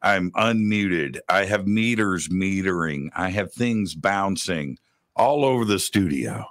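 A low-voiced man co-hosting a casual live talk show, rambling along with many fillers. His pitch swings widely as he talks, and the sound is close and dry. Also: slow, no echo. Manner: rambling, animated, lots of fillers. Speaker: radio host, co-host.

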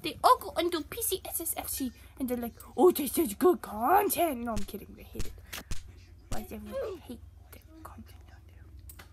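A woman voicing a silly, boastful young puppy who talks through a game, giddy and bragging, jumping between shouts and whispers. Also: high-pitched, big pitch swings, brisk, hardly any pauses. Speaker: channel host. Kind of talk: gameplay commentary in character.

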